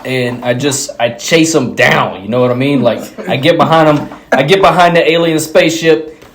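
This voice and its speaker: A man's voice: fairly high pitch, normal speed, fairly bright tone. A man co-hosting a casual podcast, laughing often as he slips into celebrity impressions. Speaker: podcast co-host.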